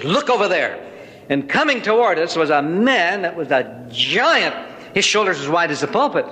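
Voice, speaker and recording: Older man, preacher, testimony storytelling, bright and forceful, fairly high, long church-hall reverb. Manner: lively, dramatic storyteller. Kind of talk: sermon storytelling.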